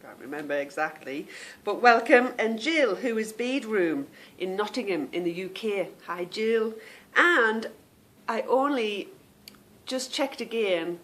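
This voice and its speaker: A woman's voice: medium pitch, expressive, unhurried, a bit bright. A woman hosting a knitting podcast, chatting casually to viewers, rambling off on tangents and stumbling over unfamiliar names.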